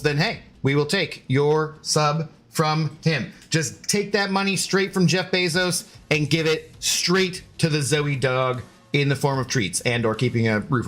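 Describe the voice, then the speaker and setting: A man's voice: fairly high pitch, a bit bright. A man streaming video games, chatting playfully with his dog and his viewers. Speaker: game streamer. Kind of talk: casual live-stream chat.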